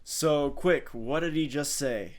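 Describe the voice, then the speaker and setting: A man with a slightly raised pitch hosts a channel and gives analytical commentary on clips. He speaks in an explanatory, observational way and breaks down what was just said. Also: slow, heavy background noise.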